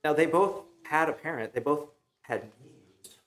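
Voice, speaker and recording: A man's voice: fairly high pitch, a little slow. A young man preaching an evening sermon in a church, talking casually with fillers and asking the congregation "right?" as he tells a story. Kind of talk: conversational sermon. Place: church sanctuary.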